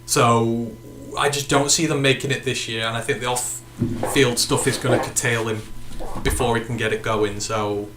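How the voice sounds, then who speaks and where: A man's voice: medium pitch, steady tone, normal speed, roomy sound, background noise. A man from the United Kingdom co-hosting a casual sports podcast, chatting and reading out viewer comments. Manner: chatty, reads out viewer comments and sign-offs. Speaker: podcast co-host.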